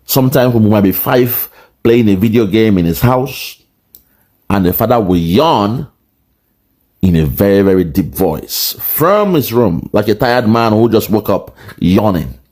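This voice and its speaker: A Nigerian-accented man holds forth in a forceful political monologue. His voice sits on the low side, and he drives his points home with repeated rhetorical lines. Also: expressive, measured pace. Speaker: political commentator.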